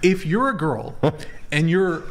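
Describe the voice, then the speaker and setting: Crude, mocking male debate host with a high, lively voice. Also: takes it slowly, very noisy. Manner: crude, mocking, laughing through his lines. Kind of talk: heated debate.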